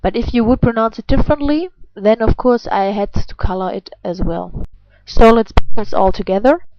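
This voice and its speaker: A woman's voice: a little high, muffled recording. A woman with a German accent who is a native German speaker, teaching pronunciation in a video lesson in a patient way. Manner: patient, slow and exaggerated when modelling words. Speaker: language teacher.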